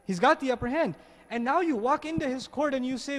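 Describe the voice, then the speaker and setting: A man with a very high voice tells a sermon as a lively story. He keeps asking the audience rhetorical questions. His voice rings with a long reverb, as if in a large hall. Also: brisk. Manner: animated, many rhetorical questions. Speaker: preacher.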